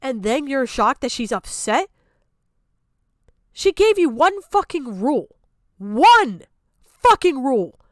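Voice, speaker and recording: A young woman vents on her stream in a high, piercing voice, swearing freely and circling back to the same complaint. The sound is dry, with no room echo. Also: big pitch swings, unhurried, long pauses. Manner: heated, profane, repeating her points. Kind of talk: angry reaction rant.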